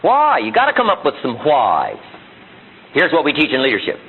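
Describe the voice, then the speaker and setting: A man's voice: mid-range voice, wildly swooping pitch, brisk, narrow, tinny audio, a little hiss or hum. A man giving a live motivational seminar speech in a room, driving his points home with emphatic rhetorical questions and repetition, heard on an old archival recording. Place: seminar room before an audience.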